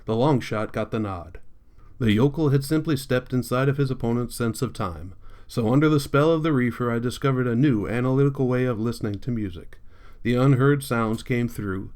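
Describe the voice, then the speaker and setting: A man reading a novel aloud as an audiobook narrator, in a measured literary manner. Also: medium pitch, darkish tone. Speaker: audiobook reader. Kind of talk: scripted narration.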